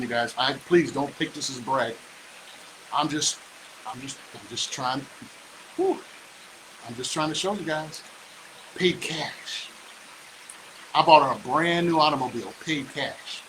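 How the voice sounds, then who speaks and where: A man's voice: medium pitch, unhurried, pauses often, background noise. A middle-aged man talking on a live stream as a real estate investor, boastful and fired up, preaching like a motivator.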